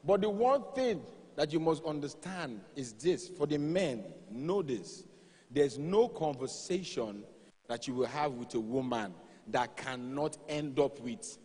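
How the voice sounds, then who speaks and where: A man's voice: fairly high pitch, brisk, breathy edge. A man with a Nigerian accent performing live stand-up comedy, telling stories and acting out dialogue. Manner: animated storytelling, acts out dialogue. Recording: reverberant live hall.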